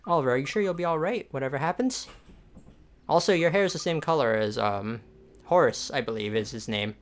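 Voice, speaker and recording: Protective female friend from a game, gentle and concerned, read by a man. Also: medium pitch, expressive, brisk, lightly acted.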